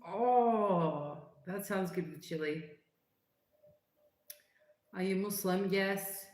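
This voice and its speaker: Woman, livestream host, casual chat with viewers, slow unhurried pace, rambling, echoey room. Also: medium pitch, steady tone. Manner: chatty, rambling, with fillers like "like".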